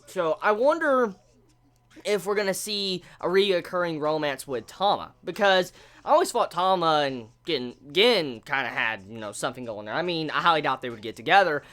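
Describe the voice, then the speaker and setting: Woman ranting about an anime ep, swears a ton, laughs, gets loud and high. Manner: excitable, swears a lot, laughs often. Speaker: anime reviewer. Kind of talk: casual anime review monologue.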